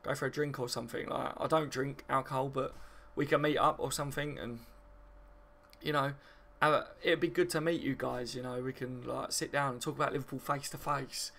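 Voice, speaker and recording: Gravelly chatty bloke. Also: male voice, medium pitch, steady tone, a little fast, fairly bright tone. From Kent, England. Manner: chatty and matey, laughs often, calls viewers mate. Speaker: football channel host. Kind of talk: live stream chat reading and match reaction.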